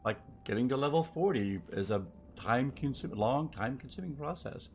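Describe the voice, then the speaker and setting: A male streamer talks through his game session in an easy, wandering way. His pitch swings up and down as he chats, and a faint hiss sits under his voice. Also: animated, fairly quick. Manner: chatty, rambling, thinks aloud. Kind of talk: live gameplay commentary.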